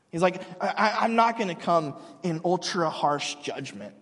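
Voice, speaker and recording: A man's voice: on the high side, big pitch swings, brisk, few pauses, slightly rough. A man in his thirties preaching a sermon, telling stories in a casual, joking way with many restarts. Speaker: pastor. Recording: long hall reverb.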